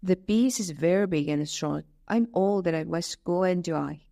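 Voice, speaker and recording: A woman's voice: on the low side, measured pace, vocal fry, warm tone, no room sound, studio quality, pitched below the performer's own voice. A woman voicing a frightened, pleading old father in a storybook. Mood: firm.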